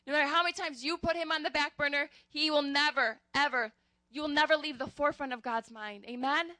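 A young woman delivers a casual sermon in a high, bright voice. She speaks with earnest, animated conviction and keeps calling her listeners "guys." The sound is dry and close. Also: no echo. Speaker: youth preacher.

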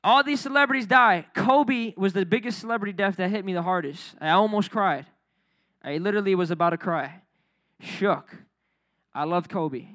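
A young man preaching a casual, energetic youth sermon, building up to near shouting at its peaks. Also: high voice, moderate pace.

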